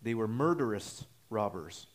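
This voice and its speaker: A male pastor delivering an expository sermon, teaching in a measured, explanatory way with frequent "uh" pauses and restarts. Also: lowish voice, lively intonation.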